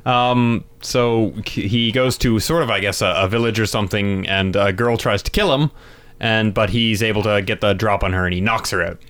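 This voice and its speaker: A man's voice: on the low side, normal speed, a bit bright. A man co-hosting a podcast, recapping a movie in casual chat with lots of ums and uhs. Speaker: podcast co-host.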